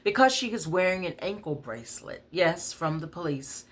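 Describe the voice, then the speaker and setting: A woman's voice: fairly low pitch, expressive, normal speed, slightly rough. Woman poet, spoken-word story reading, conversational, wry asides.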